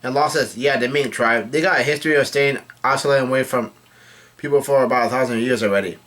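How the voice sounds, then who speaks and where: Male reader, mid pitch, casual comic read-through with frequent self-corrections. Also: fast talker, fairly bright tone. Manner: reads quoted lines in his own voice, often correcting himself. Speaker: manga reader.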